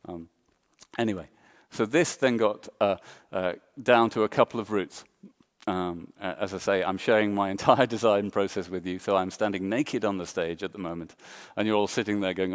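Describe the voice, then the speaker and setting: A man's voice: fairly low pitch, steady tone, moderate pace. An Englishman giving a design talk on a conference stage, self-deprecating and joking, with lots of ums and uhs. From England. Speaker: conference speaker.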